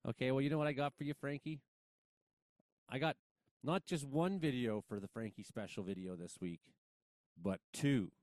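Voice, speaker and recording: A man's voice: medium pitch, fairly quick, a little mellow, no room sound. A man hosting a show, chatty and self-deprecating, introducing a guest's videos. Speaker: show host. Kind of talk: casual show banter.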